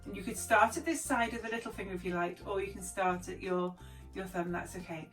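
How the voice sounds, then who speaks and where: A woman presenting a children's lesson, speaking slowly, clearly and enthusiastically. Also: mid-range voice. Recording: distant mic, faint background music.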